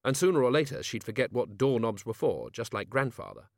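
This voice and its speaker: A man narrating an audiobook with a measured, expressive reading. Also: mid-range voice, gravelly, dry recording, clean studio sound.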